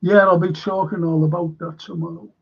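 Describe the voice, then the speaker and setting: A historian from Liverpool, England, with a Liverpool accent, hosts a casual livestream, rambling, swearing freely and reading out viewer comments. His voice sits high and is slightly rough, steady in tone and brisk, over dull lo-fi stream audio.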